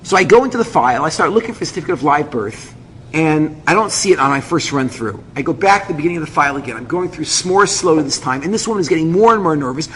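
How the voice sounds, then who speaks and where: High lively guy telling a story, bright voice, big echoey hall. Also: fast talker. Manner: animated, acts out every voice. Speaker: rabbi and speaker. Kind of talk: storytelling talk to an audience. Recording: long hall reverb, faint noise.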